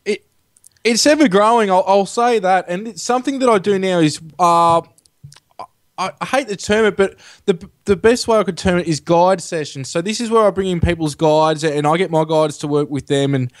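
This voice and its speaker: A man's voice: sits high, normal speed, no echo, studio quality. A man talking as a radio interview guest, hesitant and repeating himself as he searches for words. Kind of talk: casual radio interview talk.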